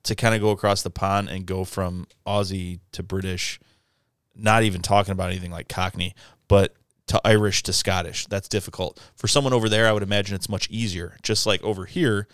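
A man co-hosts a podcast in casual, rambling chat, swearing freely. His voice is smooth and lowish, and the recording is dry and close. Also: level tone, fairly quick, a bit bright, dry recording. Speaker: podcast co-host.

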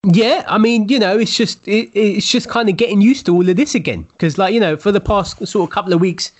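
Male co-host, high voice, loose rambling with fillers, casual video call chat. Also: fairly quick. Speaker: podcast co-host.

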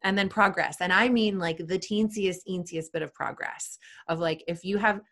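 Lively woman guest chatting about kids and sports, voice jumps up when she mimics parents. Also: moderate pace. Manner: animated, acts out parents' voices in higher tones. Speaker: guest, sports psychology expert. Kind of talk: conversational interview answers.

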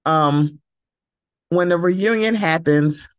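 A woman's voice: lowish voice, slow, dry recording, studio quality. A woman hosting a solo podcast, talking in a casual, emphatic way, swearing freely and acting out the people she quotes. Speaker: podcast host. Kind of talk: solo casual chat about reality TV.

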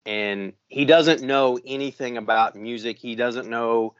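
A man's voice: mid-range voice, steady tone, a little slow, slight background noise. A middle-aged man co-hosting a podcast, telling a long story in casual chat with constant swearing and heated rants. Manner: profane, ranting storyteller. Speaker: podcast co-host. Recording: dull, dry lo-fi sound.

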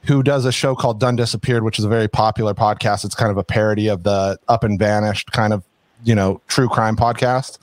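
A man co-hosting a podcast in casual chat, chatty and halting, with many fillers and restarts. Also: lowish voice, steady tone, no room sound. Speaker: podcast co-host.

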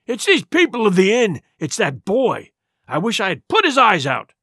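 A man voicing a blind old pirate who shouts fierce commands in a high, strained voice, reading a storybook. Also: very animated, normal speed, no room sound, clean studio sound, heavily acted. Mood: furious.

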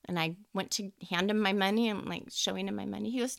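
A woman host and teacher chatting casually about faith, animated and leaping up in pitch whenever she quotes someone. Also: normal speed, creaky, hardly any pauses, no echo, studio quality. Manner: animated, jumps high when quoting people.

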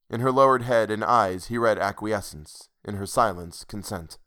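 Casting: male storyteller, measured pace, reading a period ghost tale aloud. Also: lowish voice, bright, forceful tone. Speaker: narrator. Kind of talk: scripted storybook narration.

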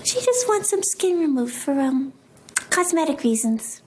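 An actress playing a bubbly, uncanny woman, breathy and eager, in a film. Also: sits high, sing-song, measured pace, a little mellow, slight background noise.

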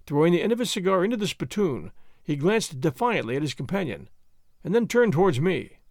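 Expressive male audiobook narrator. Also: a little high, brisk, no echo, studio quality.

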